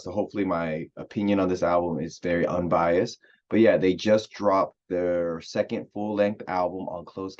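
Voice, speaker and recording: Low-voiced guy chatting about an album. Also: darkish tone, lo-fi sound. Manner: chatty, filler-heavy, enthusiastic. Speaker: album reviewer. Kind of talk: casual music review monologue.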